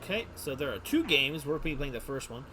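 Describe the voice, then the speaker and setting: Bright-voiced man chatting through a game. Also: medium pitch, big pitch swings, fast talker, a little hiss or hum. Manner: chuckling, reactive, reads on-screen text aloud. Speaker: streamer. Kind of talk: casual gaming commentary.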